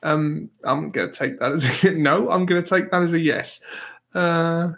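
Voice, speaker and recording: A man's voice: on the high side, moderate pace, vocal fry, a bit bright. A man hosting a casual livestream, reading out chat questions with easy chuckles and self-deprecating remarks. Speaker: livestream host. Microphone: new desktop microphone.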